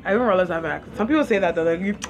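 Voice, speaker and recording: A woman with a Caribbean accent and a fairly low voice talks very fast while hosting a casual livestream, eating as she chats and reading viewers' comments aloud to answer them. Faint music plays in the background.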